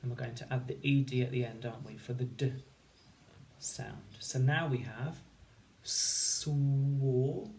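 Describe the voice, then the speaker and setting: A man teaching a recorded phonics lesson, sounding out words slowly and clearly, one sound at a time. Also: medium pitch, fairly even intonation, a little mellow. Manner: slow, clear, patient instruction with sound-by-sound segmenting. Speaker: primary school teacher.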